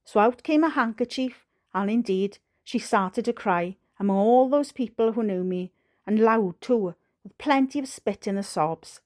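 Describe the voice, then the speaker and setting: A woman's voice: fairly high pitch, measured pace, darkish tone. Welsh woman reading an audiobook. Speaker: audiobook reader. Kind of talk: audiobook narration.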